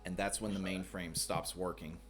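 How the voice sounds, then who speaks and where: A man with a very low voice runs a tabletop game as game master. He narrates scenes steadily, filling pauses with many ums and uhs. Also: over music. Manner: lots of filler words, steady descriptive narration.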